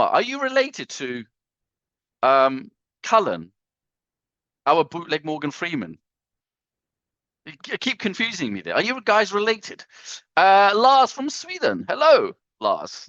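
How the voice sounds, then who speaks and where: A man's voice: a little high, fairly bright tone, no echo. A man hosting a live online training session, greeting viewers by name and joking theatrically. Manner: playful, joking, theatrical self-mockery. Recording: dull lo-fi dry sound.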